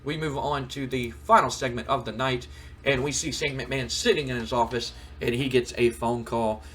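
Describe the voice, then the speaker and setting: A man's voice: mid-range voice, fairly even intonation, normal speed, a bit bright, slight background noise. A man casually narrating a wrestling management game, rambling with lots of fillers. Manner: rambling, filler-heavy recap. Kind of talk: casual let's-play narration.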